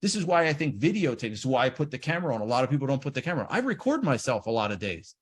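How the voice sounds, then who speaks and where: Husky, animated male trading coach. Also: mid-range voice, racing. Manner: lively, acts out traders' inner voices. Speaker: trading educator. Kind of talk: animated seminar talk.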